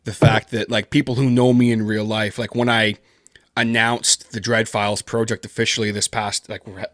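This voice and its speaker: A man's voice: fairly low pitch, flat delivery, moderate pace, a bit bright, no echo, studio quality. A man talking casually in an interview, rambling with lots of fillers and self-deprecating asides. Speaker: podcast guest, horror narrator.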